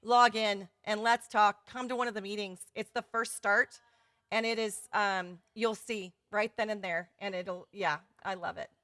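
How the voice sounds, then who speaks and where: A woman's voice: mid-range voice, steady tone, measured pace, a bit bright, dry recording, clean studio sound. A woman hosting a casual livestream for her students, chatty and effusive, laughing often. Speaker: course host running a live giveaway. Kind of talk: casual livestream talk to viewers.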